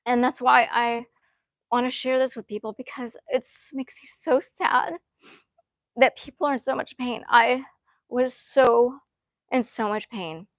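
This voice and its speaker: Woman, live-stream Q&A host, earnest, filler-heavy pauses, close dry sound. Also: fairly high pitch, fairly even intonation, dry recording. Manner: warm, earnest, often pausing with fillers. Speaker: host answering viewer questions.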